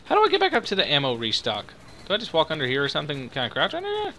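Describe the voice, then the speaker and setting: A young man hosting his own channel, giving excitable, profanity-laden live commentary while playing a game. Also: a little high, very fast, faint music behind. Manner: excitable, swears a lot, reacts loudly. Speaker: gaming channel host.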